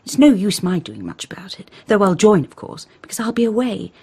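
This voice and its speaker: A woman's voice: medium pitch, very animated, fairly quick, a little mellow, husky, exaggerated voice. Earnest, idealistic young woman Madge. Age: young adult. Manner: earnest, urging, persuasive. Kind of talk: radio play acting.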